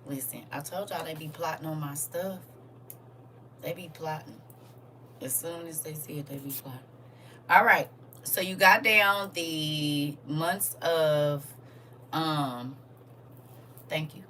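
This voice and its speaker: A woman's voice: sits low, takes it slowly, pauses often, recorded from a distance, noisy background. An older woman leading a casual livestream Bible lesson, chatting and teasing her viewers as she teaches. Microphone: phone.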